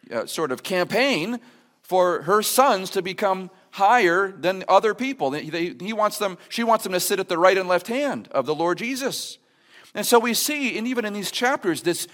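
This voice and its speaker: A man's voice: high-pitched, fairly bright tone. A man preaching a sermon as pastor at a church service, explaining scripture in an earnest, conversational way with emphatic rhetorical questions. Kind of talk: expository sermon.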